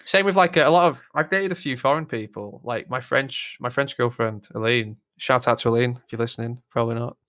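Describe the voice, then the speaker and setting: A young man with a rough Lancashire accent, chatting casually as a podcast co-host, sweary and self-deprecating. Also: medium pitch, a little fast, hardly any pauses, fairly bright tone, dry recording, studio quality. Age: young adult. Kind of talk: casual chat.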